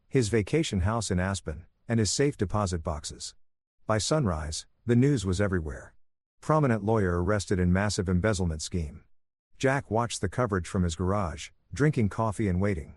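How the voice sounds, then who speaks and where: Dude reading a reddit-style story, kinda low voice, very dry close sound. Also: male voice, a little mellow, dry recording. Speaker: story narrator. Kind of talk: scripted narration.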